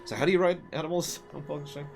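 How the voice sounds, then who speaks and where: Speaking fast in a fairly high, creaky voice, this man gives his stream viewers casual, rambling commentary on his game. His remarks are sarcastic and broken up by occasional laughter over background music.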